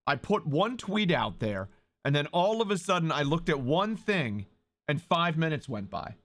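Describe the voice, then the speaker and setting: Loud excitable man streaming live. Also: a little high, moderate pace. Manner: loud, excitable, swearing, shouting out to chat. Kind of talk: casual live-stream chat.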